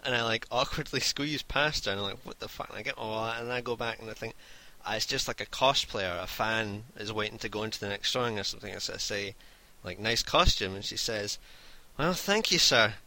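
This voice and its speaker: A man's voice: fairly low pitch, steady tone, quick pace, sharp tone. A man casually telling a rambling, laughing anecdote and swearing freely.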